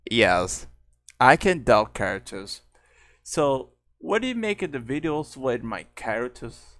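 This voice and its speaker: Guy chatting on his vlog, slow and halting, pitch jumps all over. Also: big pitch swings, fairly bright tone. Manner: halting, with many restarts and broken phrasing. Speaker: channel host. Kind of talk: casual vlog chat about his characters.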